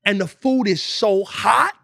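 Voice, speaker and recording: A young man co-hosting a podcast, telling a story in a casual, animated way full of slang and laughter. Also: sits high, a little slow, gravelly, dry recording, clean studio sound. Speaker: podcast co-host.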